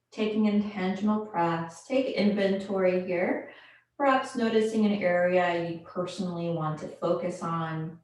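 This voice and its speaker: Woman yoga instructor, slightly low voice, calm paced cues, very roomy distant recording. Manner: slow, calm guided cues with pauses. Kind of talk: guided yoga class instruction. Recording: very echoey room, mic far off.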